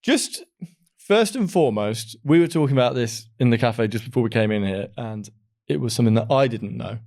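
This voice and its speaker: A man's voice: mid-range voice, expressive, brisk, a little mellow. A man from the Midlands hosting an interview podcast, chatty and enthusiastic, often laughing. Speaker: podcast host. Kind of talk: casual interview chat.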